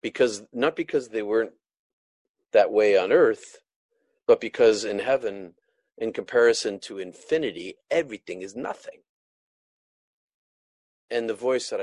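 A man giving an earnest, emotional personal testimony, halting often and restarting his sentences. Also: on the low side, a little mellow, dry recording. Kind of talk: personal testimony of a near-death experience.

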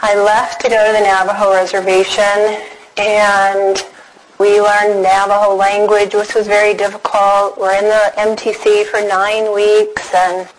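A middle-aged woman giving a personal testimony talk, animated and dramatic, acting out her own past reactions as she tells the story. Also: medium pitch, measured pace, slight background noise, rough recording. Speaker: speaker sharing a personal faith story.

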